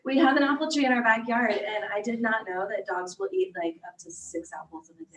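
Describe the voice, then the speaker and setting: A woman's voice: fairly high pitch, animated, a little fast. A woman in a yoga studio introduces herself to her fellow trainees. She is chatty and laughs easily. The mic sits far off, so the voice rings through the room over a faint hiss. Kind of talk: casual group introduction. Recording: roomy sound from a far mic with faint noise.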